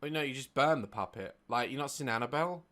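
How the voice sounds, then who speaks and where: A woman's voice: extremely low pitch, fast talker, a bit bright, soft background music. A woman hosting a comedic reaction video, sarcastic and incredulous.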